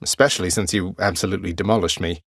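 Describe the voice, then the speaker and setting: A man's voice: sits low, fairly even intonation, fast talker, fairly bright tone, slightly rough, dry recording, heavily acted. A man voicing a wry, polite young prince of the underworld, in video game voice lines. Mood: friendly. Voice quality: dry, wry and teasing. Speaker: game character.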